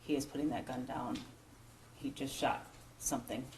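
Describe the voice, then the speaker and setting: A low-pitched woman gives witness testimony in a courtroom, her account halting and full of restarts. The room is echoey, with faint background hiss. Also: steady tone, a little mellow. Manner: halting, emotional, many restarts and fillers. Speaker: witness, school principal. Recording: roomy courtroom broadcast audio.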